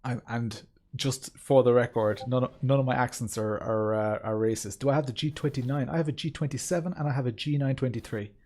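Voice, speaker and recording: A man's voice: medium pitch, steady tone, brisk, few pauses, a little mellow. An Irish man chatting casually with viewers during a racing game stream, rambling with lots of ums and asides. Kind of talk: casual live-stream chat. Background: faint background music.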